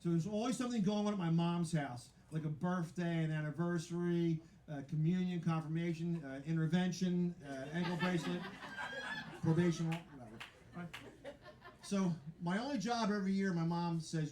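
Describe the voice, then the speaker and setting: Male stand-up comic, high voice, rambling self-mocking delivery, laughs at his own jokes, roomy live venue sound. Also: normal speed, darkish tone. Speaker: stand-up comedian. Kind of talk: stand-up comedy set. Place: live comedy venue with audience.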